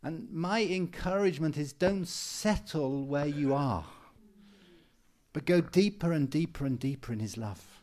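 A man's voice: a little high, lively intonation, measured pace, a little mellow. A man preaching a sermon in an earnest, encouraging way, repeating phrases for emphasis. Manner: mimics people for humor with raised voice.

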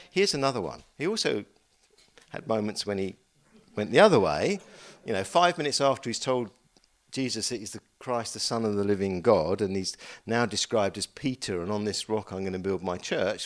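A male pastor preaching a sermon in an animated, chatty way, with asides and dramatic emphasis. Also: lowish voice.

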